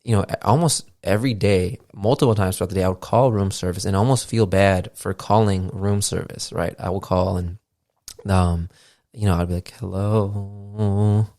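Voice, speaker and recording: Here a man in his thirties hosts a podcast, chatting loosely in a rambling monologue with plenty of fillers and offhand swearing. His voice sits low and steady at normal speed, a little mellow. The clean studio sound has no room echo, captured via a podcast mixer setup.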